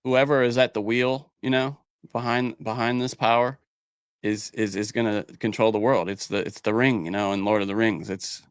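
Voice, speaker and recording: A man's voice: on the low side, fairly even intonation, moderate pace, clear, resonant tone, no echo, studio quality. A man co-hosting a podcast, chatting casually and rambling with frequent restarts. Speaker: podcast co-host.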